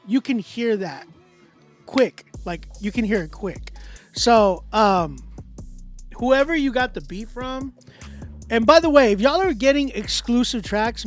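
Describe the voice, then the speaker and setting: A man who is a music producer and engineer, giving loose, filler-heavy feedback on a live stream. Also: sits high. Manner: loose, conversational, many fillers and restarts. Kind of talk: casual livestream critique. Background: beat playing in the background.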